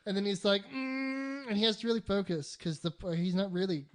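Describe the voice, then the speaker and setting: A podcast co-host chatting casually, swearing constantly and acting out quick mock voices for the characters. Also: mid-range voice.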